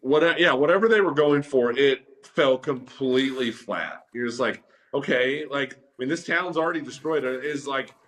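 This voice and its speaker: A man's voice: medium pitch, normal speed, few pauses, a bit bright. A man co-hosting a casual movie review chat, hesitant at first and dryly dismissive of the film. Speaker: podcast co-host.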